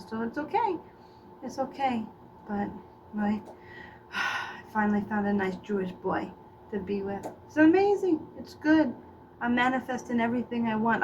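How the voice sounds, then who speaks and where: A woman's voice: medium pitch, highs cut off, slight background noise. A middle-aged woman giving a scattered, self-mocking comic monologue to camera. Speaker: vlogger.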